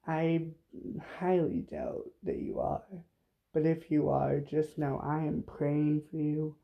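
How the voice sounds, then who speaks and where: A man hosting a podcast alone, speaking slowly and haltingly with lots of pauses and fillers. His voice has a gravelly edge and sounds close to tears. The recording is a bit dull and lo-fi. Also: fairly high pitch, level tone. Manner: halting, many fillers, emotional and apologetic. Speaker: podcast host. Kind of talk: unplanned solo podcast talk.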